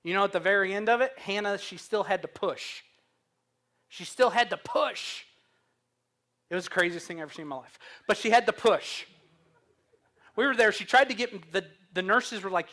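A man's voice: sits high, moderate pace, pauses often, pushed and bright. A young man preaching a sermon, earnest and humorous, telling stories. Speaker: pastor.

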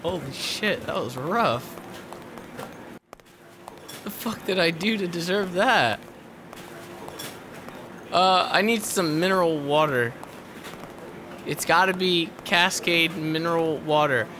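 A man streaming a video game, commentating live in an excitable, profane way and yelling at the characters. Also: a little high, takes it slowly, long pauses, slight background noise.

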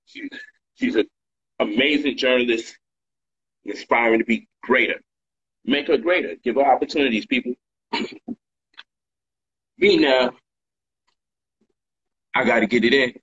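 Husky man on an emphatic livestream. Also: medium pitch, a little slow, pauses often, a bit bright, lo-fi sound. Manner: emphatic, repetitive, slangy. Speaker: livestream host and author. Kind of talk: casual livestream monologue.

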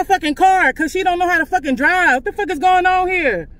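A woman vlogger venting casually to her viewers, loud and profane, from in or near her car. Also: extremely high pitch, fairly quick, hardly any pauses.

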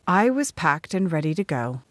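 A woman narrates an audiobook in scripted first-person narration, her low voice moving at an even, moderate pace. The sound is close and dry.

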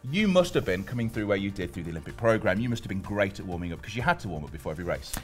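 A man's voice: low voice, sing-song, soft background music. A man co-hosting a live race show in casual, joking banter. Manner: fast-talking, joking.

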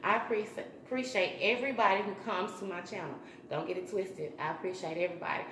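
A woman, chatting casually to her viewers as a mukbang vlogger and giving shout-outs. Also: mid-range voice, steady tone, fast, reverberant, a little hiss or hum, low-quality recording. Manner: chatty, warm shout-outs, bursts of humming.

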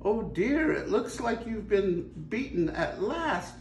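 An older man voicing a sweet, gentle young female mermaid in a high falsetto for a storybook read-aloud. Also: sing-song, slow pace, reverberant, noisy background, exaggerated voice.

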